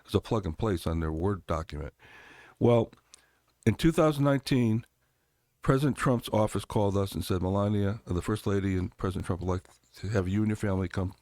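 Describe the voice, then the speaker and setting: A man's voice: on the low side, brisk, darkish tone, no room sound. A middle-aged man, a congressional candidate, talking emphatically in an interview and telling stories with quoted voices. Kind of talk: animated political interview talk.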